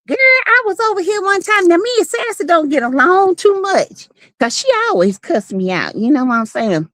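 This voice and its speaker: A woman's voice: fairly high pitch, very animated, measured pace, a bit bright, no echo, studio quality. A woman in casual live-stream chat, sassy and playful, teasing and greeting viewers by name.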